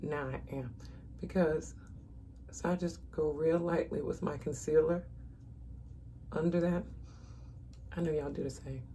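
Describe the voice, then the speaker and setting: A woman's voice: sits low, steady tone, a little slow, pauses often, dark tone, a little hiss or hum. A woman in her thirties chatting casually to viewers while she walks through a makeup tutorial at home. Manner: chatty, talks straight to viewers as "y'all". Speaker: makeup vlogger.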